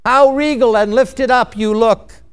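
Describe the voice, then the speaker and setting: A man voicing a fawning male courtier who gushes flattery at a king. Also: very high voice, very slow, clear, resonant tone, full character voice.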